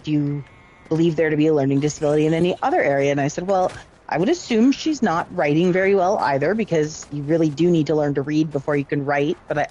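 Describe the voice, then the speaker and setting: Low-voiced chatty woman gaming. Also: muffled recording, a little hiss or hum. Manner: chatty storytelling, lively retelling of exchanges. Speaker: parent and gamer. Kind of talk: casual chat while gaming.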